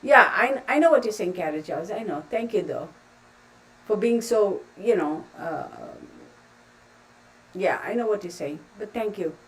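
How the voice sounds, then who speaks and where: A woman's voice: mid-range voice, animated, unhurried. A woman hosting a livestream and answering viewer comments, calling people sweetheart and getting emotional. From Texas. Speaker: livestream host. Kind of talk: casual livestream chat, reading viewer comments. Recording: distant mic with faint background noise.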